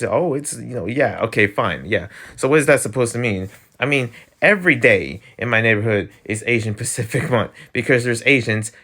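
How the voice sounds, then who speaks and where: A man's voice: medium pitch, a bit bright. A man hosting his own channel, talking in a rambling, sarcastic, casual rant with lots of fillers and chuckles. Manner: chuckles between lines. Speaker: channel host.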